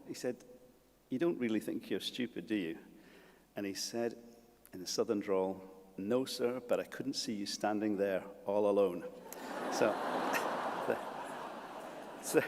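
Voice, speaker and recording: A man giving a humorous graduation speech as college principal, with halting restarts, at a lectern in a large hall. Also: lowish voice. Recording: long reverb of a large hall.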